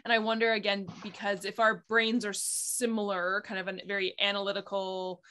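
Woman host, actor herself, chatty and expressive, big performative energy. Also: mid-range voice, moderate pace. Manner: lively, expressive, self-described performative. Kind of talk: casual interview chat.

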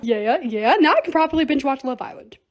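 A young woman vlogger narrating her organizing and decorating clips in a quick, chatty voice-over. Her voice sits high and leaps around animatedly, playful and self-mocking. A faint hiss runs under the close phone mic. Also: expressive. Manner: chatty, bubbly, self-deprecating. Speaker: lifestyle vlogger.

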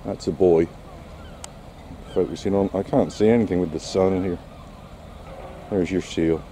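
A man's voice: sits low, fairly even intonation, moderate pace, mellow, slight background noise. A man giving casual vlog commentary outdoors while walking his dog, full of wry, sarcastic asides. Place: outdoors on a seaside quay.

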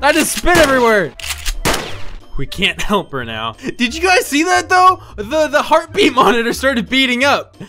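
A young man casually commentating on a video game he plays, joking, laughing often and tripping over quick restarts. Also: very high voice, big pitch swings, background noise. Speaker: gaming video host.

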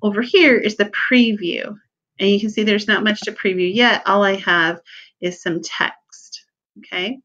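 A woman giving a relaxed screen-recorded software tutorial, thinking aloud with fillers and small self-corrections. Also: mid-range voice, unhurried, highs cut off.

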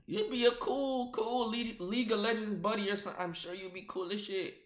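A young man streaming a casual reaction to a video, excitable and quick to swear and burst out laughing. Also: high voice, echoey room.

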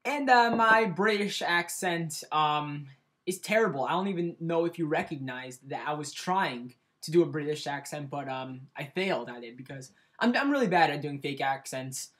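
A man's voice: on the high side, lively intonation, moderate pace, a bit bright. Man, casual vlog chat, rambling, hesitant with lots of ums, self-deprecating, computer mic, indoors at home. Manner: hesitant, full of ums and restarts. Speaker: YouTube vlogger. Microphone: computer webcam mic.

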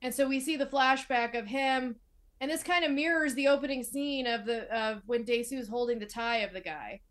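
A chatty woman co-hosting a casual film review podcast, her voice sitting fairly high. She recaps scenes in a loose, conversational way, with plenty of fillers along the way. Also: normal speed, fairly bright tone. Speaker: podcast co-host.

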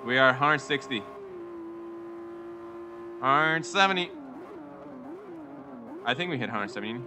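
A young man giving casual, excitable commentary over a racing game, joking and giggling as he drives. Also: mid-range voice, slow pace, background noise. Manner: excitable, giggly, jokey running chatter. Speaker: gaming YouTuber.

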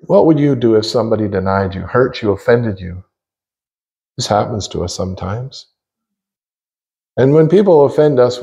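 A man preaching a sermon at a church conference, earnest and emphatic, slowing down to stress key phrases. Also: medium pitch, vocal fry, dark tone, lo-fi sound. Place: church chapel.

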